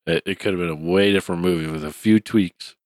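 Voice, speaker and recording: A laid-back man with a notably deep, low voice, talking through a horror movie with a friend. He sounds relaxed and easygoing, quick to laugh. The recording is dry and close, with no room echo. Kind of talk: casual horror movie review chat.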